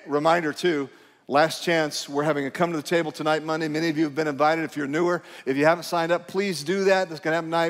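A man's voice: on the high side, in a large hall. A male pastor, preaching in a conversational, emphatic way to his congregation. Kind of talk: sermon. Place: church sanctuary.

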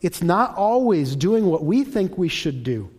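Man, storytelling sermon, higher voice. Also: measured pace. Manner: lively storyteller who acts out dialogue, conversational. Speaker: Christian teacher. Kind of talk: sermon-style teaching with personal stories.

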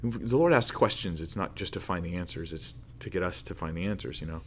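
A man's voice: deep voice, very animated, a little fast, hardly any pauses, slightly rough. A man preaching a sermon, reading scripture aloud and explaining it in an earnest, conversational way. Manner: conversational, earnest, with restarts and asides.

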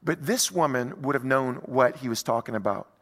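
A male pastor preaching a sermon in a conversational, animated way, full of rhetorical questions. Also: mid-range voice, moderate pace, in a large hall.

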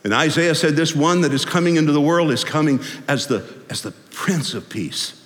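A man preaching a sermon as pastor, folksy and animated, swinging from loud to hushed. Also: fairly high pitch, normal speed. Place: church sanctuary. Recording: long hall reverb.

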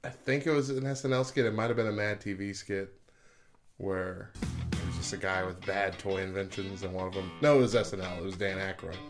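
A man's voice: low-pitched, steady tone, fairly quick, over music. A man hosting a morning radio show, easygoing and often laughing, mixing casual banter with reading out news items.

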